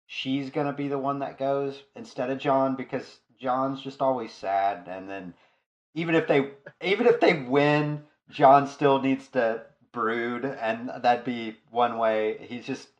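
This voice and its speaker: Male co-host, halting delivery; slightly lo-fi sound. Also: medium pitch. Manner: hesitant, stumbling restarts. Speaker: podcast co-host. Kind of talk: casual discussion.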